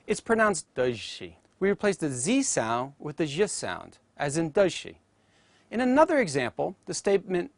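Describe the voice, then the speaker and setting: A teacher giving a scripted educational narration, speaking carefully and deliberately and saying example sounds aloud as models. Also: mid-range voice, big pitch swings, no room sound.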